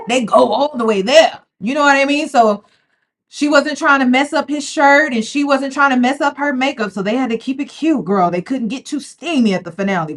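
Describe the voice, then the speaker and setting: Woman, chatty vlog commentary, lively swooping voice, slightly high. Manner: animated, chatty, slangy, addresses viewers as y'all. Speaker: reality TV commentator.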